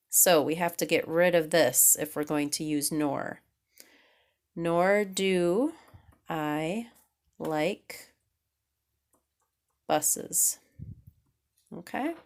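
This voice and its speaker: Slow, patient woman teaching grammar. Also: lowish voice. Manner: patient, checks in with "okay?" often; slow and deliberate, reads examples aloud. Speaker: English teacher. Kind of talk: grammar lesson at a whiteboard.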